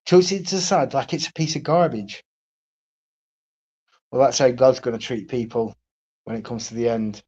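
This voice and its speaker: A man's voice: mid-range voice, moderate pace, pauses often, a little mellow. A man ranting on his own live stream, blunt and profane, repeating himself and asking "right?" again and again. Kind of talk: solo livestream rant.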